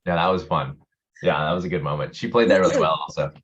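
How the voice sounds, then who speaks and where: A man with a very low voice, an actor guest, talks quickly about his work in a casual interview, his intonation fairly even. He rambles loosely, often restarts mid-sentence and laughs easily, and his audio sounds dull and lo-fi, like a video call.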